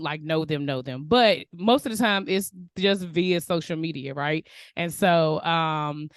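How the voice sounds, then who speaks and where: A woman hosting a podcast in casual, animated chat, laughing often and speaking colloquially. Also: low voice, no echo, studio quality. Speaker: podcast host.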